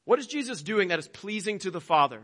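A man's voice: sits high, lively intonation, fast talker, a bit bright, big-room sound. A male pastor preaching a sermon emphatically, with rhetorical questions.

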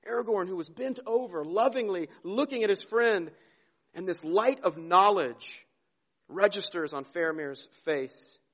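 An earnest male preacher with a fairly high voice. He swings between near-whispered tenderness and ringing emphasis, stumbling over and repeating words as the feeling carries him. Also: a little slow, a bit bright. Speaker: pastor. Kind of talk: sermon.

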